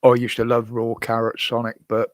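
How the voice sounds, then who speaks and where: A man's voice: mid-range voice, completely flat delivery, normal speed, no room sound. Older chatty British man, dry sound. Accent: British English. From United Kingdom. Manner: rambling, chatty, chuckles often. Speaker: live-stream host. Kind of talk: casual chat answering viewers. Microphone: desk microphone.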